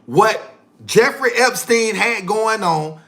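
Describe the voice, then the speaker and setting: A man's voice: sits high, lively intonation, slow, creaky, fairly bright tone. A man hosting his own livestream, ranting heatedly in loose slangy speech and repeating himself. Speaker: livestream host. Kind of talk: casual livestream rant.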